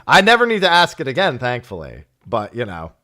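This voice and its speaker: A man hosting a casual discussion show, animated and laughing often. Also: medium pitch, a little fast. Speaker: podcast host. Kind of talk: casual chat.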